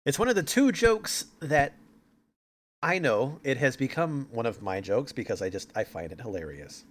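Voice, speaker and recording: A man's voice: medium pitch, lively intonation, normal speed. A man casually playing through a game on stream, playful and joking, laughing often.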